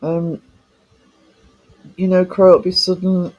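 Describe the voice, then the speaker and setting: A man's voice: high voice, flat delivery, slow pace, darkish tone, lo-fi sound. A man live-streaming and chatting casually with viewers, greeting them by name with affectionate pet names, his voice cracking a little.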